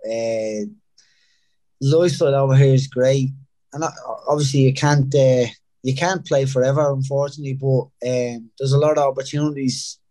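A man's voice: medium pitch, moderate pace, no echo. Irish guy, thirties, easygoing interview guest, dry close sound. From Ireland. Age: 30s. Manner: relaxed, laid-back storytelling with many fillers. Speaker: professional footballer, guest. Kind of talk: casual interview chat.

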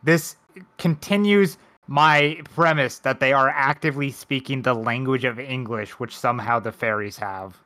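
Bright-voiced man hosting a podcast. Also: medium pitch, normal speed. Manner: dry, nerdy, explains details from notes. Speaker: podcast host. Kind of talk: casual chat.

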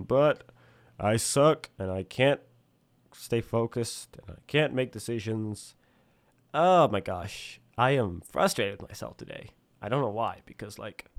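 A young man talking casually to camera in a self-deprecating, rambling way, with lots of fillers and swearing, jumping high in pitch to mock other voices. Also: animated, moderate pace, no room sound. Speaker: vlogger.

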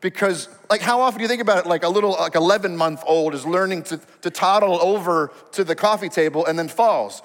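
A man's voice: high-pitched, fairly quick, few pauses, a bit bright. A male pastor preaching a sermon in a conversational, emphatic way. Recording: reverberant hall.

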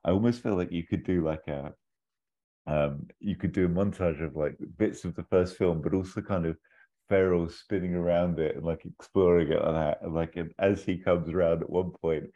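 Rambling, very deep-voiced man. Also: steady tone, moderate pace, mellow, lo-fi sound. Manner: rambling, hesitant with fillers and giggles. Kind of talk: comedic script pitch, casual chat.

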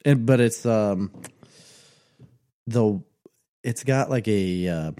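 A man's voice: on the low side, takes it slowly, dark tone. A man in his thirties, co-hosting a casual chat in an easygoing, teasing way. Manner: easygoing, teasing, laughs often. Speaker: podcast co-host.

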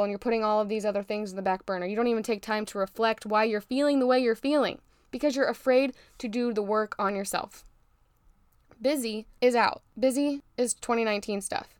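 A woman's voice: on the high side, clear, resonant tone, dry recording, clean studio sound. A young woman hosting a faith-based motivational podcast, talking in an emphatic, preachy, fired-up way to her listeners. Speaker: podcast host.

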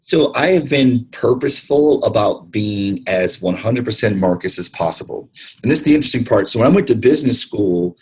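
A man from Detroit talks as a podcast guest, his voice somewhat low and a little husky. He speaks earnestly and reflectively, circling back and restarting phrases as he thinks. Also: low-quality recording. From Detroit, USA. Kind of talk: candid interview conversation.

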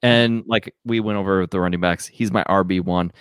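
A man with a fairly low voice talks loosely and at length, circling back and restarting his sentences. He co-hosts a casual sports chat. His voice sounds dry and close to the mic. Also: fairly even intonation, brisk, smooth, no room sound. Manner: rambling, with restarts and fillers. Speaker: podcast co-host. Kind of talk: casual fantasy football chat.

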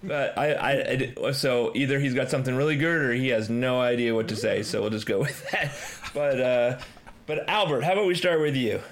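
A man's voice: medium pitch, a little fast. A man hosting a casual podcast chat, hesitant, with many ums and restarts. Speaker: podcast host.

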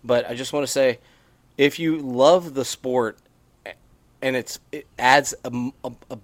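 A man's voice: medium pitch, steady tone, unhurried, no room sound. A man co-hosting a casual motocross podcast, chatty and rambling with frequent restarts. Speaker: podcast co-host. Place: on a porch.

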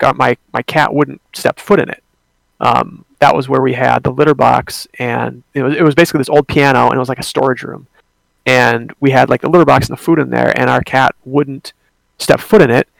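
Gravelly young man telling a story. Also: medium pitch, steady tone, a bit bright, no room sound. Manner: rambling, halting, many fillers and restarts. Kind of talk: casual storytelling.

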